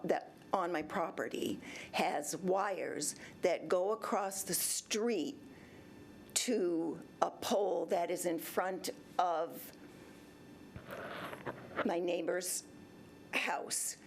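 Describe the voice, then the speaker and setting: A woman's voice: fairly low pitch, a little hiss or hum. A woman in her seventies addressing a city council chamber, telling her complaint in a rambling way and acting out both sides of past conversations. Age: 70s. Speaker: resident speaking at public comment. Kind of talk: recounting a personal complaint.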